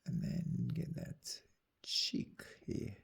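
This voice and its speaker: A man narrating his drawing as he works, muttering and half-whispering his steps. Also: drawn-out words. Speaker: artist demonstrating drawing.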